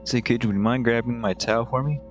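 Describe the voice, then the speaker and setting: A man's voice: medium pitch, fairly even intonation, fairly quick, faint music behind, pitched above the performer's own voice, natural voice. A man voicing a frail, grumpy old man in a game, talking in a folksy, complaining way. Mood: pleading.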